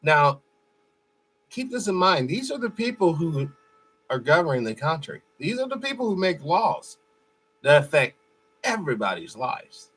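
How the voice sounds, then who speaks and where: A man's voice: on the high side, big pitch swings, moderate pace, long pauses, a bit bright, breathy edge. A man hosting a show, giving blunt, profane and mocking commentary over a played clip. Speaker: host.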